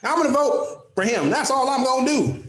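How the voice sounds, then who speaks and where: A man's voice: very high-pitched, very animated, normal speed, a bit bright, reverberant, pitched above the performer's own voice, full character voice. A man putting on a smug, lazy male voter with an American Southern accent, sounding self-satisfied and dismissive.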